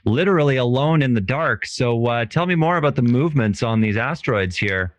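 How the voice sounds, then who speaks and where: A man's voice: medium pitch, lively intonation, brisk, no echo, close to an everyday voice. A man playing a weary late-night radio DJ taking calls at the end of the world, drawling and dry, with many hesitant uhs, in an improvised comedy. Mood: wry.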